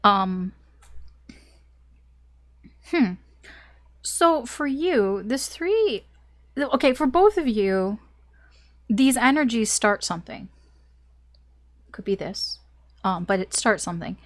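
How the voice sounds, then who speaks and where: A woman's voice: fairly high pitch, expressive, takes it slowly, long pauses. A young woman doing a casual tarot reading, chatty and rambling with lots of "like" and small laughs, a little choked up with a cough. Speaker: tarot reader.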